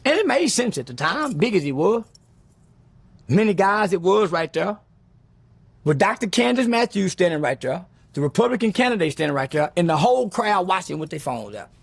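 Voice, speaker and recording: A man's voice: high voice, sing-song, creaky, slightly rough, dry recording. A middle-aged man recounting a story in an interview, blunt and profane, acting out what others said. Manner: blunt, profane, rapid recounting with acted-out quotes. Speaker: interview guest telling a story. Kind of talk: animated storytelling in a sit-down interview.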